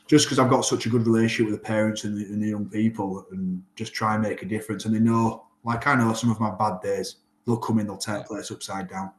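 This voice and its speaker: A man's voice: fairly low pitch, fast, hardly any pauses. A man, a rugby player chatting as an interview guest and acting out conversations as he tells stories. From Northern England. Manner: animated storyteller, acts out quoted exchanges. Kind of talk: casual interview chat. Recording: echoey room.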